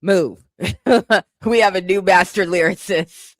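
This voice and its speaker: In a slow, fairly bright mid-range voice, a YouTube commentator gives casual reactions to song lyrics at home. The living room has a couch and a cat, the tone is sarcastic with frequent laughter, and the recording is studio quality with no echo.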